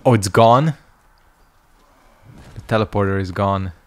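A man's voice: fairly low pitch, unhurried. A young man casually commenting on a game he is playing, muttering to himself and swearing. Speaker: gaming streamer.

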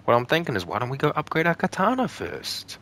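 A young man hosts a gaming channel, firing off joking, profane let's-play commentary and trash-talking the enemies on screen. His voice runs on the high side with huge pitch swings, a quick pace, and a fairly bright tone.

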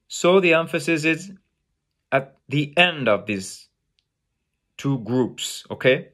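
A man with a French accent teaching French pronunciation in English, slow and deliberate, repeating phrases and demonstrating sounds. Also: on the high side, lively intonation, a bit bright. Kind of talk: pronunciation lesson.

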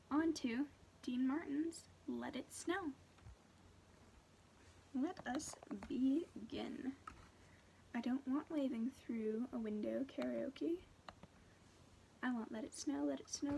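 A woman's voice: on the high side, a little hiss or hum. A woman hosting her own channel, giving a rambling, chatty, self-deprecating intro to a video. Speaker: channel host. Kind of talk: casual vlog intro.

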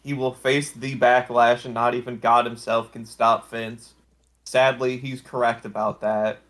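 A young man with an ordinary mid-range voice chats on a podcast. He makes quick, blunt, sardonic asides. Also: medium pitch, flat delivery, a bit bright. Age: young adult. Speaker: podcast co-host. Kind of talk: casual chat.

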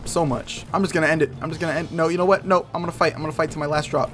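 A young man narrating his gameplay in a bright, forceful voice, pitched a little high. He curses and yells at a relentless boss. Game music plays faintly underneath. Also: steady tone, racing. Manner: frustrated, swearing, yelling outbursts at a boss. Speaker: let's play gamer. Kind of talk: casual gameplay commentary.

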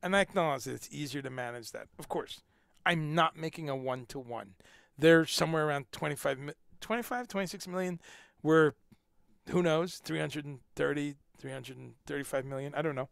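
A man's voice: a little high, brisk, gravelly, fairly bright tone, no room sound, clean studio sound. A man hosting a casual livestream, rambling and repeating words as he talks, now and then swearing. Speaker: livestream host.

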